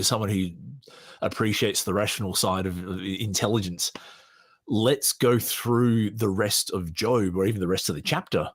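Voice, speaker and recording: A low-voiced man hosts a podcast, talking casually and sarcastically with frequent chuckles and restarts as he reads partly from a script. His voice is husky, and the recording is dry and close. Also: no room sound. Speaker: podcast host.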